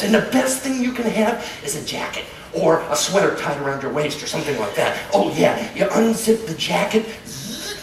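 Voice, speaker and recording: A man giving a playful, joking live lecture about wildlife in a large hall, recorded from far off. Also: high-pitched. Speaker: nature lecturer. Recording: echoey hall from far off, noisy.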